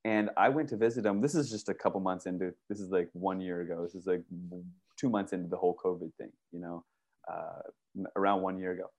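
A man talking casually and excitedly, rambling through stories with many restarts, swearing and saying "dude" and "bro". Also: sits low, fast. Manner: profane, uses "dude" and "bro". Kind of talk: casual conversation.

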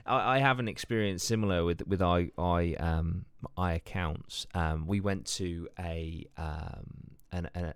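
Deep-voiced enthusiastic podcast host man. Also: clean tone, dry recording. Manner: enthusiastic, stumbling, with many restarts. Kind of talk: casual podcast chat.

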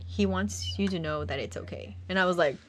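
A young woman with a slightly low voice tells a personal story in casual conversation. She rambles with many fillers and acts out what others said to her. Her tone stays somber and reflective. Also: brisk. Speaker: guest sharing a personal story. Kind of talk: casual chat.

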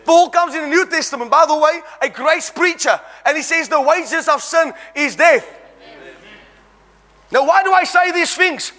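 A man's voice: very high voice, moderate pace, bright, forceful tone. A man preaching an impassioned sermon, reading scripture aloud and exhorting his congregation. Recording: long reverb in a large hall.

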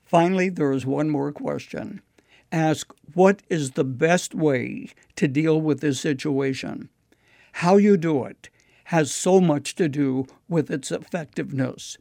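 A man with a somewhat high, gravelly voice delivering a scripted inspirational radio talk. His tone is measured and earnest, like a teacher. The recording is close and dry. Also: a little mellow, no echo. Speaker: radio devotional speaker.

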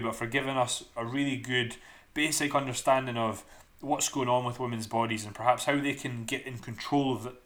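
Scottish guy from dundee hosting a podcast on a call, friendly and chatty, laughs a lot, medium pitch. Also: a bit bright. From Scotland. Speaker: podcast host. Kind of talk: casual interview chat. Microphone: remote call.

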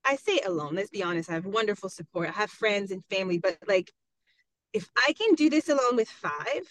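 A middle-aged woman talking frankly in a casual podcast chat, animated and full of "like" as she tells stories. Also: mid-range voice, brisk, no room sound. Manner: frank, animated storytelling with lots of "like". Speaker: podcast guest. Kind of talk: casual conversation.

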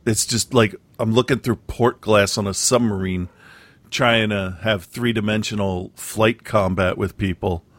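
A man's voice: lowish voice, steady tone, unhurried, no room sound. A man co-hosting a podcast, telling stories in a rambling, hesitant way with many fillers. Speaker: podcast co-host. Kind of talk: casual chat.

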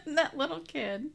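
A woman co-hosting a podcast, chatting casually about a movie with quick reactions and laughs. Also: high-pitched, creaky, a bit bright. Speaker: podcast co-host. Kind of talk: casual movie recap chat.

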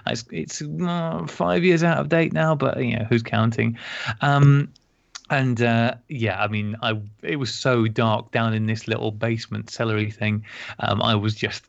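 An English man with a gravelly, creaky voice chats as a podcast co-host. He jokes, laughs and stops often on fillers. The recording sounds a little dull and lo-fi. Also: mid-range voice, fairly even intonation. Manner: joking, laughing, halting with fillers. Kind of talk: casual chat.

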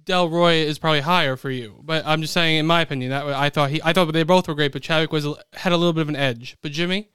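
Fast-talking, smooth-voiced male podcast host. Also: a little high, no room sound, studio quality. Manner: fast, animated, announces nominees. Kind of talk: casual podcast chat.

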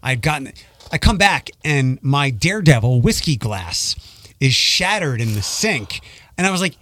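A man's voice: mid-range voice, sing-song, normal speed, sharp tone, no echo. A man hosting a casual chat, telling rambling stories and correcting himself as he goes. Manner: rambling, self-correcting storyteller.

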